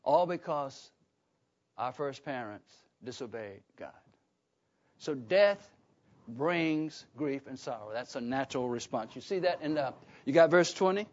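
A man's voice: mid-range voice, expressive, a little slow. A man preaching a sermon in a conversational way, often asking his congregation questions and starting sentences over. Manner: call-and-response questions to the congregation; conversational, with frequent restarts. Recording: dull lo-fi recording.

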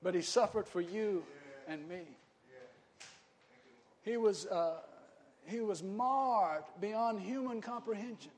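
Man, very high voice, preacher, sermon, call-and-response questions, loud then soft delivery. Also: slow pace, pauses often. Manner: keeps asking the congregation short questions; swings from loud shouting to quiet, low talk.

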